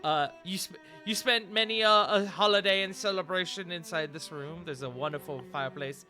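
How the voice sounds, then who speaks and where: A man narrating as game master of a tabletop game, brisk and playful with many fillers. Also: sits high, sharp tone, soft background music.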